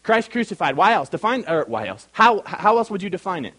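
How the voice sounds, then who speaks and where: A man with a notably high voice teaches a Bible class as its pastor. He speaks emphatically, puts questions to the group and calls on people by name. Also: big pitch swings, a little fast, a bit bright.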